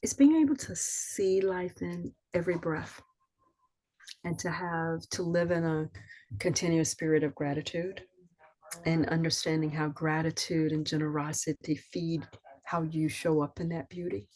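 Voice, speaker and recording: Soothing, husky older woman storyteller. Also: sits low, a little slow. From Southern US. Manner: soothing, reflective, lively when quoting others. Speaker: poet, interview guest. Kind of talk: reflective storytelling interview.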